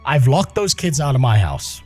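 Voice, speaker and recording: A man's voice: medium pitch, sing-song, normal speed, slightly rough, faint music behind. A male streamer telling a story in a casual, heated rant, swearing constantly.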